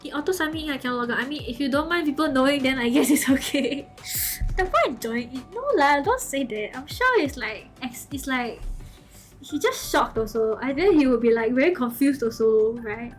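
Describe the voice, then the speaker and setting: A young woman chats to her stream in a high, bright-toned voice. She is animated and giggly and keeps checking in with okay and like. Soft music plays faintly behind her. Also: moderate pace. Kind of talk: casual storytelling to chat.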